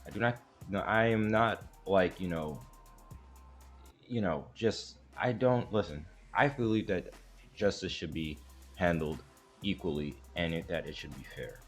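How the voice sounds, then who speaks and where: A man with a very deep, low-pitched voice talks through a reaction commentary. He rambles, hesitates and restarts, leaning hard on his points. Faint music plays behind him. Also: animated, measured pace. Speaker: commentary host.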